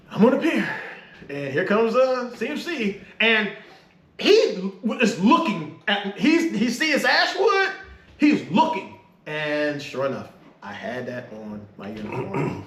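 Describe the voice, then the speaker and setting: A middle-aged man tells an old service story as a guest on a podcast. His voice is bright and swings widely in pitch, and he laughs and swears freely as he goes. The room around him rings with echo. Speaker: podcast guest, retired Navy master chief. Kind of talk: casual storytelling. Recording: echoey room.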